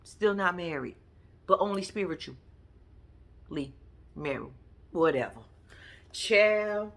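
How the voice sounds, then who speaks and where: A woman's voice: fairly low pitch, lively intonation, slow pace, gravelly, a bit bright. A woman giving a casual commentary recap of a reality TV episode, blunt and profane, acting out the people she quotes.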